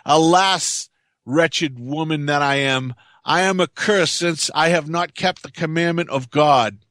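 A man reading Eve's lines, a remorseful first woman, in slow, solemn archaic speech. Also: fairly high pitch, fairly bright tone, no room sound, clean studio sound. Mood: pleading.

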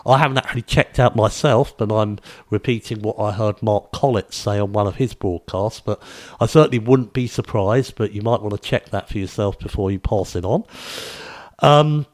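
A man's voice: fairly low pitch, moderate pace. A middle-aged man, giving casual news commentary in a rambling way, with many fillers and restarts.

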